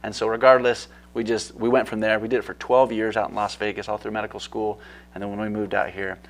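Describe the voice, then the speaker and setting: Man, gravelly, low voice, interview guest, eager, rambling, lots of fillers. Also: level tone, quick pace. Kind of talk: casual interview chat.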